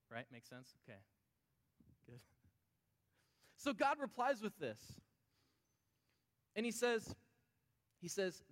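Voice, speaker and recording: A man preaching a sermon in a conversational way, often asking his listeners questions. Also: mid-range voice. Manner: conversational, asks the audience questions. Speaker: pastor. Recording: long reverb of a hall.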